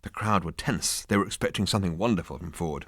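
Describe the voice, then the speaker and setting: A British man narrating an audiobook in a dry, lively comic manner. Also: sits low, fast talker, slightly rough, no room sound. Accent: British English. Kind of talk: audiobook reading.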